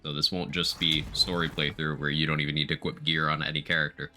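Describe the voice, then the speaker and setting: Very deep-voiced, bright-toned male streamer. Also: little pitch movement, quick pace, faint music behind. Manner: chatty, reads out viewer chat while playing. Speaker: game streamer. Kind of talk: casual gameplay commentary.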